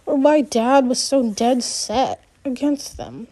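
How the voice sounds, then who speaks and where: Woman reading an audiobook, high mellow voice, takes her time. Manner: unhurried, measured, first-person storytelling. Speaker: audiobook narrator.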